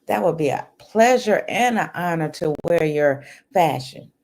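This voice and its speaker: An older woman speaking in chats with viewers over her computer mic. Her delivery is unhurried, and her pitch swings widely as she greets people and laughs. She sometimes drops her voice to keep things quiet at home. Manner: chatty, animated, laughs often; talks softly at times. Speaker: livestream host. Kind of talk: casual chat with viewers. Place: home, indoors. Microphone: computer microphone.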